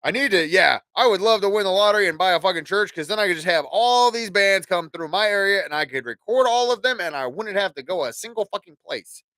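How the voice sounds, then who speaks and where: Bright, high-voiced profane man chatting. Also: expressive, fast talker, few pauses, no echo. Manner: profane, rambling, acts out dialogue. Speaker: podcast host. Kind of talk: casual livestream chat.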